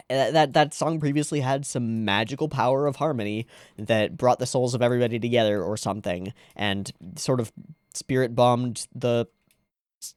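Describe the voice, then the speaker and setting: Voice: mid-range voice, a little mellow, no room sound, clean studio sound. An anime reaction host giving casual, rambling, sarcastic commentary on episodes.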